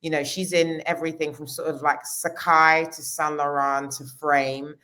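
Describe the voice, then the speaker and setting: A woman's voice: sits low, little pitch movement, normal speed, sharp tone. A woman, a costume designer talking casually in an interview, with many restarts. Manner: chatty, many restarts and fillers.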